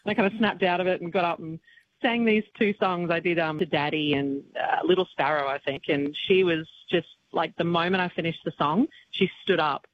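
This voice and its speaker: A woman's voice: on the low side, brisk, highs cut off. A woman country singer talking as an interview guest, grieving but chatty, with many restarts and fillers. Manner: tearful yet chatty, many restarts and fillers, laughs often. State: upset, grieving. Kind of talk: emotional casual chat.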